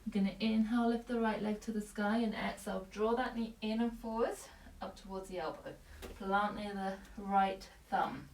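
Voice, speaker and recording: A woman yoga teacher guiding a class with calm, breath-paced cues and short commands, slightly out of breath. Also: mid-range voice, normal speed. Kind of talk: guided yoga class instruction. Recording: echoey room, voice from a distance.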